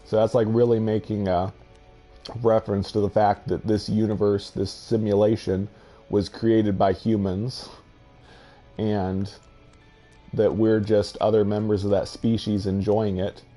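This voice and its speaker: Male gameplay host, low-pitched, thoughtful and halting, soft game music behind. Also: little pitch movement. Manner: musing, hesitant, with fillers and restarts. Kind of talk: casual gameplay commentary.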